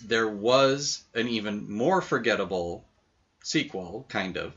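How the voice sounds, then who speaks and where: Guy cohosting, slow and dry, muffled lo-fi audio. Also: lowish voice, animated, fairly bright tone. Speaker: podcast co-host. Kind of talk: casual chat. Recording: dull lo-fi audio.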